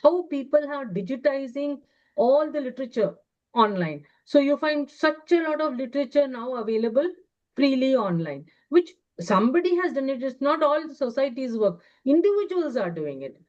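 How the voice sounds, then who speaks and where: A woman leading a study class. She reads quotations aloud and explains them in a measured way, pausing often on fillers. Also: sits high, a little mellow. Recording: dull lo-fi recording.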